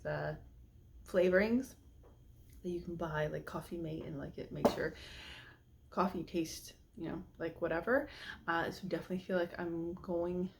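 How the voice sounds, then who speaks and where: A woman, a parent, chatting casually and nervously as she cooks, with many ums and likes. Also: lowish voice. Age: adult parent. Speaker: cooking vlogger. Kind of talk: casual cooking vlog chat.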